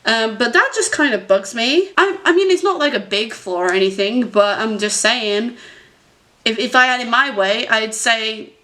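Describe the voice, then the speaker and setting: Chatty young woman vlogger, higher voice. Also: expressive, moderate pace, pushed and bright. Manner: chatty, giggly, rambling with frequent tangents. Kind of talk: casual film commentary vlog.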